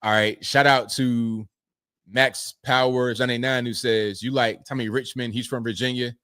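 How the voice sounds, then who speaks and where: A man's voice: medium pitch, steady tone, moderate pace, bright, forceful tone, smooth, no room sound, clean studio sound. Laid-back man reading viewer chats. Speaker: livestream host reading super chats. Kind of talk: casual livestream chat.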